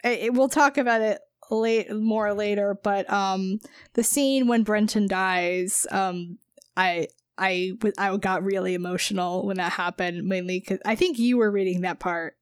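A woman's voice: mid-range voice, fairly even intonation, unhurried, clean tone, no echo, clean studio sound. A woman co-hosting a casual book-club podcast, telling stories with lots of fillers and laughs. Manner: laughs often, meandering with fillers. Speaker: podcast co-host.

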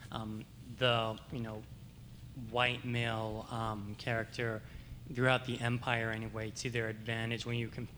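A man's voice: medium pitch, a bit bright, slight background noise. Hesitant man commenting from the audience. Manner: hesitant, full of "like" and "um". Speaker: audience member.

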